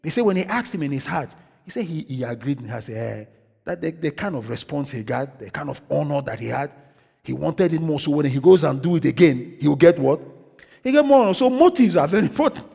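A male pastor delivers a sermon in a high voice. He keeps asking the congregation questions and answering them himself, and he drops in "praise the Lord" between points. His voice carries with a long echo through a church hall. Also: animated, a little fast, gravelly, dark tone, husky. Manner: call-and-response preaching, frequent "praise the Lord".

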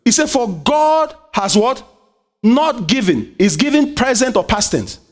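A man preaching a sermon in a strikingly high, lively voice. He throws questions at the congregation and keeps swinging between loud urging and low, quiet asides. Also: measured pace. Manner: call-and-response, asks the congregation "what?".

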